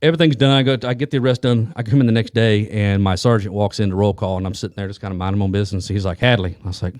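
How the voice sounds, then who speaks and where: A man's voice: lowish voice, fairly even intonation, very fast, a little mellow, dry recording, clean studio sound. A man co-hosting a podcast, telling a rambling anecdote full of restarts and asides in casual chat. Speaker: police detective and co-host.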